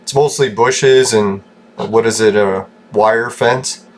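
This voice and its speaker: A man's voice: lowish voice, takes it slowly, slight background noise. Rambling, joking man from Canada. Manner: rambling, joking, laughs often, swears. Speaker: gaming channel host. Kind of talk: casual gameplay commentary.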